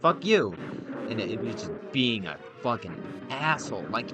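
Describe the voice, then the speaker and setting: A man's voice: lowish voice, lively intonation, moderate pace. A young man and podcast co-host telling a long story in casual chat, rambling with many fillers and frequent swearing. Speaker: podcast co-host and let's-play player. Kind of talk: casual chat over gameplay. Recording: loud video game music behind voice.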